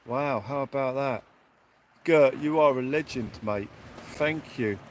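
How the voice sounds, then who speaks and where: A man hosting a casual fishing livestream outdoors at night, excitedly thanking viewers. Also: mid-range voice, takes it slowly, slight background noise. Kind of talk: casual live chat.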